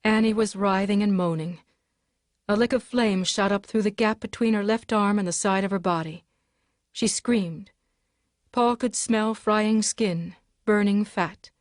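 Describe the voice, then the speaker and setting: Casting: woman, mid-pitched, steady audiobook narrator, dry close recording. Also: measured pace, dry recording. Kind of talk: dramatic audiobook reading.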